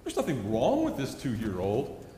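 A man's voice: mid-range voice, huge pitch swings, unhurried, warm tone. A middle-aged man preaching a sermon, telling stories earnestly and acting out a child's pleading. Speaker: pastor. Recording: echoey hall with long reverb.

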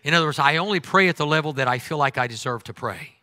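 A man preaching a humorous sermon as pastor, animated, swinging between loud exclamations and quiet asides. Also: on the high side, fast talker, no room sound.

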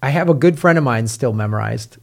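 A man's voice: medium pitch, expressive, brisk, creaky, darkish tone. A man co-hosting a movie podcast, chatty and joking as he introduces a guest. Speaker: podcast co-host. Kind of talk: casual movie chat.

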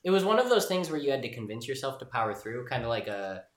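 A man's voice: mid-range voice, very animated, fast talker. Rambling man in an echoey room. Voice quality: rambling, jokey. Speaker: podcast co-host. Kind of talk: casual chat.

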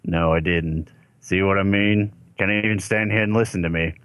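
Man, tabletop player, very low voice, sarcastic, dry close sound. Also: steady tone, normal speed, fairly bright tone, clean tone, dry recording. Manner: sarcastic, laughs often. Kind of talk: in-character tabletop play.

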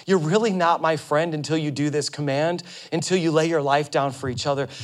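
A male pastor preaching a sermon to his congregation in an animated way, acting out quoted voices and sometimes laughing with the crowd. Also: a little high. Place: church before a congregation.

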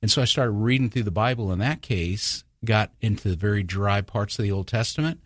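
Husky low-voiced man, storytelling. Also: a little fast, dry recording, studio quality. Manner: storytelling, many restarts, acts out quoted voices. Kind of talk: casual faith conversation.

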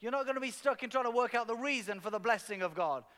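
A high-pitched man preaching in a large, echoing hall. His voice is smooth and resonant, moving from quiet storytelling to loud, passionate emphasis. He speaks as a pastor addressing his congregation. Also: quick pace. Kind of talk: sermon. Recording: long hall reverb.

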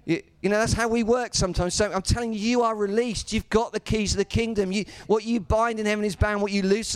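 Man, preaching, emphatic, joking asides, smooth voice, close dry recording. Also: high-pitched, dry recording. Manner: emphatic, repetitive, humorous asides. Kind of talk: sermon.

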